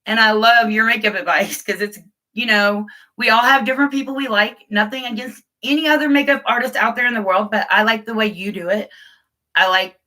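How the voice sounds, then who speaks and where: Chatty woman on a bright live stream. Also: mid-range voice. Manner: chatty, rambling, laughs often, greets viewers by name. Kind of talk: casual live chat.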